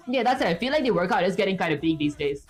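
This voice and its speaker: Her voice is lowish, with lively intonation and rapid-fire delivery, as she live-streams her coding and chats casually with viewers. She rambles and thinks aloud, leaning on filler words and talking to herself. Soft background music accompanies the stream, recorded on a streaming setup with a webcam.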